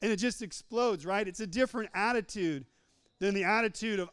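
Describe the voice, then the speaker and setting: A man delivers a joking sermon in a high, smooth, resonant voice. He repeats lines for emphasis and slips into other voices to act out little scenes. The sound is close and dry. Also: fairly quick, fairly bright tone, no room sound. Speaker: preacher. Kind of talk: humorous sermon.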